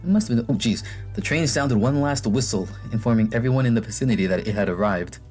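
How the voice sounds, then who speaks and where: A man's voice: mid-range voice, expressive, fast talker, a little mellow, faint music behind. Chatty man reading a game aloud. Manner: chatty asides, frequent laughs. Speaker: let's play narrator. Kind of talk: reading a visual novel aloud with commentary.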